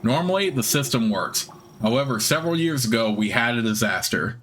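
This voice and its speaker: A man's voice: mid-range voice, animated, fairly quick, fairly bright tone, a little hiss or hum, natural voice. An elderly male wizard, starved for company, talks eagerly and at length, as a man reads his lines. Fantasy video game dialogue read during a playthrough. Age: older. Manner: eager, talkative.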